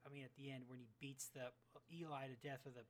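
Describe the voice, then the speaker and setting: A man's voice: medium pitch, level tone, fast talker, slight background noise. Rambling male podcast host. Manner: rambling, with many fillers and restarts. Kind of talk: casual movie podcast chat.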